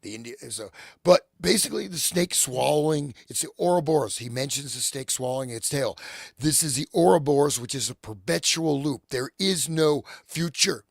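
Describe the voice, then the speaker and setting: A man's voice: a little high, moderate pace, vocal fry, no room sound, studio quality. A man with a sore throat, talking in a rambling, speculative way on a remote call, often breaking off mid-sentence. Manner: rambling, speculative, self-interrupting. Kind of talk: casual conspiracy discussion. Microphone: remote call mic.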